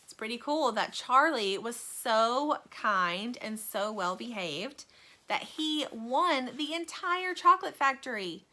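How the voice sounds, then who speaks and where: Animated woman reading a children's book. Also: fairly high pitch, slow. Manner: animated, friendly. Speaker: storyteller.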